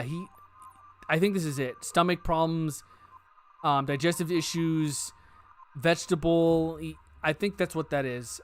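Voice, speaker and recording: A man's voice: a little high, fairly bright tone. A man giving casual let's-play commentary, thinking aloud, hedging and joking as he works through cases. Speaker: game streamer.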